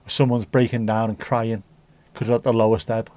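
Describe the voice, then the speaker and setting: A man's voice: lowish voice, flat delivery, moderate pace, mellow. A man hosting a casual livestream chat, bantering crudely and swearing often. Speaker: livestream host.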